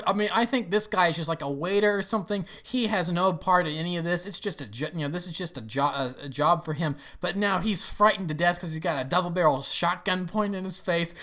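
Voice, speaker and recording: A man's voice: high-pitched, lively intonation, moderate pace, fairly bright tone. A young man giving casual, rambling commentary on a movie, often laughing and acting out lines.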